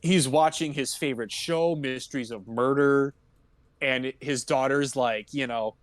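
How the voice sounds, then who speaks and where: A man's voice: medium pitch, measured pace, dry recording. A man co-hosting a movie podcast in casual chat, rambling through plot recaps and filling gaps with "you know" while laughing often. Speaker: podcast co-host.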